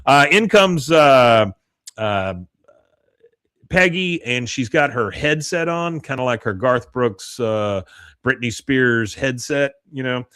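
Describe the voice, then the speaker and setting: Here a podcast host speaks slowly in a mid-range voice that is clean and a touch bright, recorded on a close mic during a live stream with no room sound. He casually recaps a show, laughing often and filling gaps with uhs.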